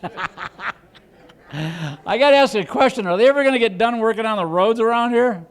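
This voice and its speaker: A man's voice: extremely high pitch, fairly quick, smooth. A man doing a stand-up comedy set on a club stage, rambling and self-deprecating, with frequent restarts.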